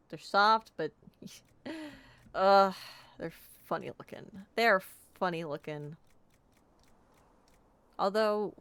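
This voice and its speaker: A woman's voice: fairly low pitch, fairly bright tone. A woman streamer giving playful gaming commentary, bubbly and jokey, chatting to the characters on screen. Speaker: let's play streamer.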